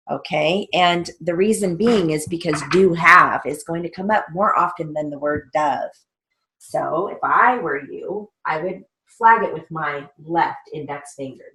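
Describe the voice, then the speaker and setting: A woman's voice: sits low, fairly bright tone. A woman teaching a stenography theory lesson, dictating drill sentences carefully and spelling out strokes letter by letter. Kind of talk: instructional lesson.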